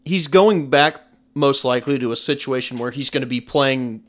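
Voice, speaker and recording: A man co-hosting a casual sports podcast, measured in tone with dry asides. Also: medium pitch. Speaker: podcast co-host.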